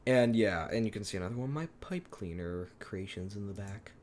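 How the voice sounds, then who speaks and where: A man's voice: fairly low pitch, expressive, brisk, darkish tone, slight background noise. A man giving a rambling, self-deprecating director's commentary on his own fan series, often unsure of himself.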